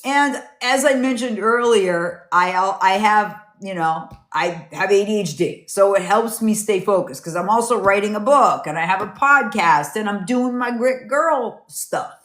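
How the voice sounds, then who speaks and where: A woman's voice: mid-range voice, expressive, measured pace, hardly any pauses, fairly bright tone. Female host, middle-aged, loose chatty livestream talk, phone mic, some room echo. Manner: chatty, rambling, laughs easily. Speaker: live stream host. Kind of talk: casual live chat with viewers.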